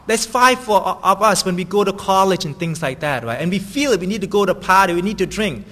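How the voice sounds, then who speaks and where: A man preaching in a loose, chatty way, often tossing in "right?" as he goes. His voice sits a little high for a man. A long reverb tail hangs on every phrase. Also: expressive, a little fast, bright, forceful tone. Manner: conversational, keeps asking "right?". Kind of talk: sermon.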